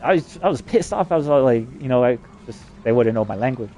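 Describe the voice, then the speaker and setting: A man talking in a rambling, heavily profane monologue that climbs higher when he gets worked up. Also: a little fast, a little hiss or hum. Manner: excitable, voice climbs when agitated.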